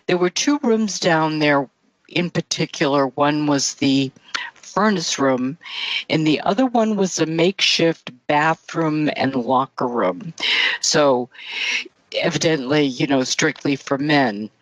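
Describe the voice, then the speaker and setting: A woman author recounting a paranormal investigation in an interview, halting, with frequent fillers and restarts. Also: low-pitched, no echo, rough recording.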